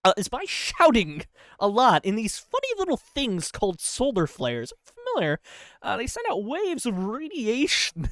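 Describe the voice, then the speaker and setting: Male comedy podcast host: loose, silly rambler with a lively, swooping delivery, dead-dry recording. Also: sits high, clean tone, dry recording. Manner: loose, goofy, full of filler asides; breaks into laughter mid-line. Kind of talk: rambling comic monologue.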